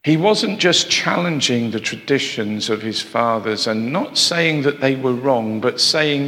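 A man's voice: medium pitch, expressive, unhurried, few pauses, pushed and bright. A man preaching a sermon, chatty, with asides and rhetorical questions to his congregation. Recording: long hall reverb.

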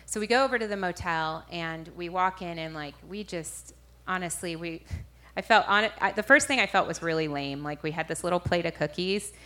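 A woman minister recounts a personal testimony to an audience. She tells it in an animated way, often restarting and correcting herself mid-sentence. Her voice sits slightly low. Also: normal speed. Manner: animated storytelling with frequent self-corrections. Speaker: street minister.

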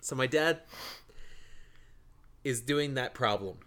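A man in casual conversation, telling a long funny story and acting out the people in it. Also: medium pitch. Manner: slow, animated storytelling with quoted voices. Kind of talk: casual chat.

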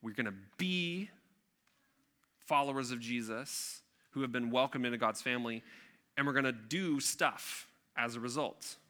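A pastor preaches conversationally and emphatically, dropping chatty asides to the congregation. His voice is medium-pitched, pushed and bright, at a moderate pace.

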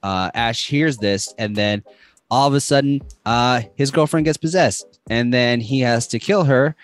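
A man's voice: medium pitch, a little slow. Man rambling through a movie recap. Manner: rambling, filler-heavy retelling. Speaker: podcast co-host.

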